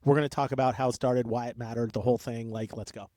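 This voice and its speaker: A young man co-hosts a podcast and tells history in excitable bursts, wandering off on tangents and cutting himself short before picking the thread back up. His pitch sits at an average level. The recording is dry and close, with no room sound. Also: fast talker, no echo. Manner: excitable, rambling, self-interrupting. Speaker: podcast co-host. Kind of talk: casual storytelling chat.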